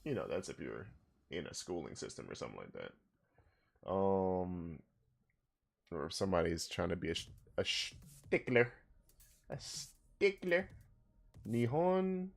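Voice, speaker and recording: A man streaming a casual language lesson, who swears in loud outbursts and reads chat aloud. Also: deep voice, moderate pace, gravelly, long pauses, husky. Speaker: streamer teaching Japanese.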